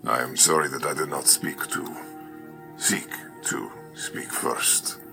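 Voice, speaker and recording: An earnest noble warrior with a very deep, gravelly voice, played by a man. He speaks slowly and formally, with a lively rise and fall, and music plays beneath him. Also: exaggerated voice. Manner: formal, measured.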